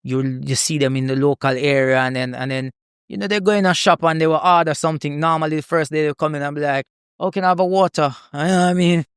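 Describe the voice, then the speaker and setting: A man from Jamaica with a Jamaican accent, a comedian chatting on a podcast, animated and laughing often as he tells stories. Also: on the high side, quick pace, smooth, no echo, studio quality. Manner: animated storyteller, laughs a lot, repeats "you know what I mean". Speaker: guest comedian. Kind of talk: podcast conversation.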